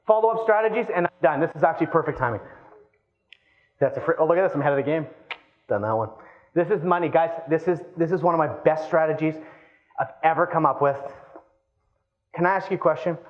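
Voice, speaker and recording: A man in his thirties giving a live keynote talk, lively and playful, acting out quoted voices as he goes. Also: fairly high pitch, fast, long pauses, dull audio. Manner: animated, acts out quoted voices. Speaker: keynote speaker.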